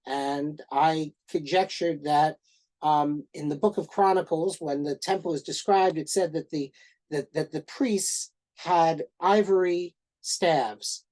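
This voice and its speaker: A man's voice: on the high side, poor audio. A middle-aged man giving an informal lecture as a professor, telling stories with lots of fillers, restarts and tag questions. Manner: animated, many fillers and restarts, asks "right?".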